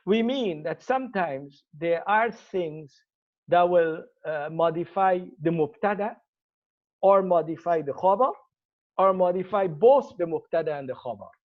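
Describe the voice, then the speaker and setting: Male teacher, slightly high voice, slow careful explanations, dull muffled online class audio. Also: expressive. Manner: slow, deliberate drilling of Arabic terms, calling on students. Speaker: Arabic grammar teacher.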